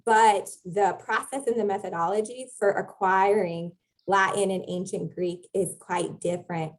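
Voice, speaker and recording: A young adult woman who teaches Latin appears as a guest on a podcast, explaining things at length in a thoughtful way with frequent filler words during a casual conversational interview. Her voice has a medium pitch and steady tone at normal speed, though the recording quality is low.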